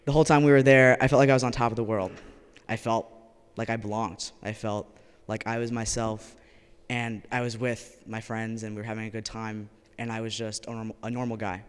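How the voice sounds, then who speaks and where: An earnest young man shares a personal story live, slipping in wry asides. His voice is smooth and clear at a middle pitch, with a long hall reverb behind every word. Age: young adult. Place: stage at a live event.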